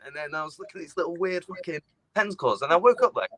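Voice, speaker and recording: Bright-voiced man telling lively stories. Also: fairly high pitch, fast, dry recording, low-quality recording. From outside the United States. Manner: lively storyteller who acts out his own reactions. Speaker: podcast co-host. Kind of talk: casual chat.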